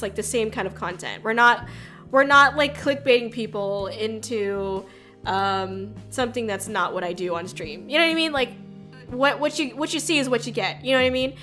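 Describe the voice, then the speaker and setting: Rambling chatty woman, fairly high voice. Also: a bit bright. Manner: rambling, many fillers and restarts, swears casually. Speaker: VTuber streamer. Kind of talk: casual chat.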